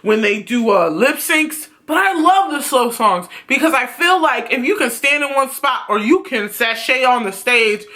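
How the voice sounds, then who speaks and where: A man giving a blunt, profane, animated ranting review on his vlog. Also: very high voice, normal speed, hardly any pauses. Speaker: YouTube reviewer.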